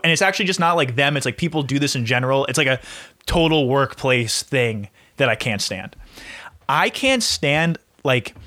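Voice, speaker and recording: A man's voice: on the high side, no echo, studio quality. Ranting young man podcast co-host. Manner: animated, ranting, swears freely, laughs often. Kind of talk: casual podcast chat.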